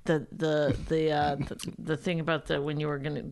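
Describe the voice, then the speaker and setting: A woman's voice: low-pitched, little pitch movement, moderate pace, darkish tone, slight background noise. A woman with a New York accent co-hosting a podcast, teasing and incredulous, swearing freely in casual banter. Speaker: podcast co-host.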